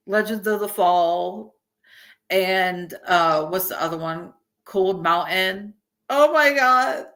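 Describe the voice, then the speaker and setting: A woman's voice: fairly low pitch, little pitch movement, takes it slowly, pauses often, fairly bright tone. A woman in her early thirties chatting casually on a stream, swearing freely and laughing often. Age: early 30s. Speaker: streamer reacting to a video. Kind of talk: casual live-stream chat.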